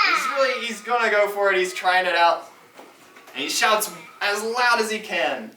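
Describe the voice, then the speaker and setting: An author reading his picture book aloud to preschoolers at a school, animated and asking the children questions. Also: high-pitched, moderate pace. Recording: echoey room, from far off, loud noise.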